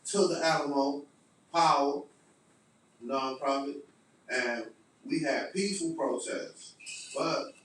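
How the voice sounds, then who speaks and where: A man telling a story as a podcast guest, animated, emphatic and profane. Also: mid-range voice, a little hiss or hum. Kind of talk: casual storytelling. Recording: echoey room, distant mic.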